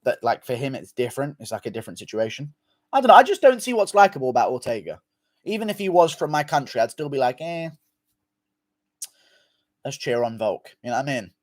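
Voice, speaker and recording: Man, livestream host, casual and profane, reacts to chat, medium pitch, dry close sound. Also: sing-song, quick pace, dry recording. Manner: profane, loose and offhand. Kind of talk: casual chat reading viewer comments.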